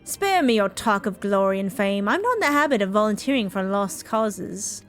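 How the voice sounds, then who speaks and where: A woman's voice: mid-range voice, expressive, normal speed, faint music behind, natural voice. Woman reading as a cynical sellsword. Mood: dismissive. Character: cynical, self-serving male sellsword. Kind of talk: reading game dialogue aloud.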